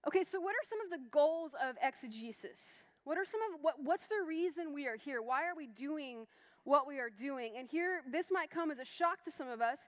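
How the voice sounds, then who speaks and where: High-voiced woman teaching a class. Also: animated, a little fast. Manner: chatty and reassuring, many fillers and restarts. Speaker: Bible study teacher. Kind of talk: informal class lecture.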